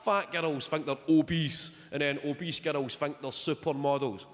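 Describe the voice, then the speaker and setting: Young Scottish male stand-up, deadpan and sweary, live theatre reverb, loud crowd noise. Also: on the high side, moderate pace. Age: young adult. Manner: deadpan storytelling, swears casually. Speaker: stand-up comedian. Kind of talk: stand-up comedy set. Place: large theatre stage.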